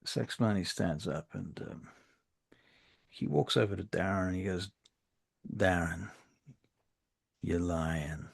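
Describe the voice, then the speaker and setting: A man narrating a tabletop role-playing game as game master, relaxed and with many fillers. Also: low-pitched, moderate pace, gravelly, pauses often, slightly rough.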